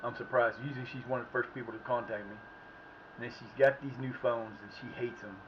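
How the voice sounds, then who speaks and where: A man's voice: mid-range voice, fairly even intonation, fast. A man streaming a soccer video game, chatting casually and rambling to himself between reactions to the plays. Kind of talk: casual live-stream commentary. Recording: slightly muffled with faint background noise.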